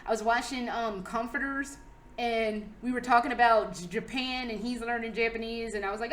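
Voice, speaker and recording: A young woman with a Philadelphia accent talks loosely to the camera, rambling and swearing without a second thought. Her voice sits a little high, and a faint hiss runs under it. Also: brisk. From Philadelphia, USA. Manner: swears freely, rambling, laughs often. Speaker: vlogger. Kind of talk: casual chat to camera. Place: apartment room indoors.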